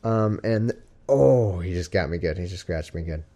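Low and warm, this man's voice is animated and moves at a normal speed. He's a podcast host livestreaming from home with his cat, rambling casually with lots of jokes and fillers.

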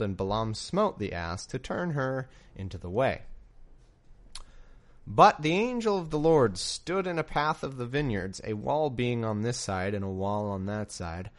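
A young man reading scripture aloud and breaking off into sarcastic, incredulous, rambling commentary. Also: medium pitch.

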